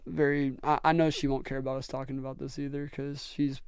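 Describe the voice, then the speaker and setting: A man's voice: mid-range voice, level tone, fast talker, a little mellow, smooth, no room sound, clean studio sound. A young man, earnestly telling rambling stories as a podcast host. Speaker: podcast host and brand owner. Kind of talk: casual storytelling chat.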